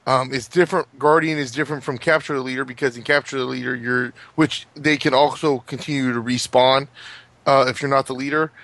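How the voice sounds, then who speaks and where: A man's voice: mid-range voice, fairly even intonation, a little fast, a bit bright. A man chatting casually about video games, rambling with many fillers and restarts. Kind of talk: casual gaming chat.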